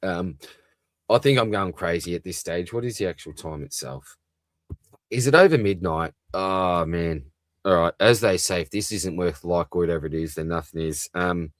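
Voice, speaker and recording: A young man with an Australian accent talks easily into a close, dry microphone at home. His voice sits on the low side as he answers viewer comments one after another in a relaxed livestream chat. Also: normal speed, dry recording. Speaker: fantasy football livestream host. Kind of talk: late-night casual livestream chat.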